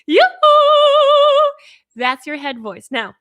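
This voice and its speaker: An upbeat female vocal coach talks straight into her camera, guiding a singing warm-up and praising her viewers often. Her voice sits fairly high, in a dry, close sound, with faint piano behind. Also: normal speed, dry recording. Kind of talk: live-streamed singing warm-up. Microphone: in front of her own camera.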